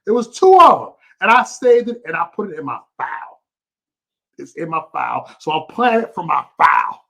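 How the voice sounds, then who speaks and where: A man hosting a channel, giving casual live-stream commentary, excited and cursing. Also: fairly high pitch, gravelly. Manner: excited, cursing, quick reactions. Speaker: channel host.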